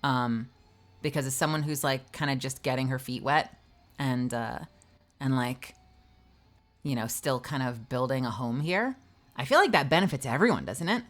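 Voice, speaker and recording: A young woman voice actor chatting on a live stream, wandering from thought to thought. She cracks self-mocking jokes in a low-pitched, easygoing voice. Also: moderate pace, faint music behind. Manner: rambling, joking, self-mocking. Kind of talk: casual live-stream chat.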